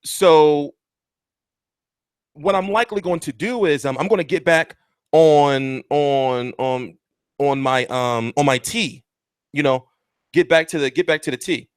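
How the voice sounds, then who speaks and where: A man's voice: on the high side, unhurried, pauses often, clear, resonant tone, no echo, clean studio sound. A man hosting a casual boxing livestream, rambling and joking crudely as he chats. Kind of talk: casual live-stream chat.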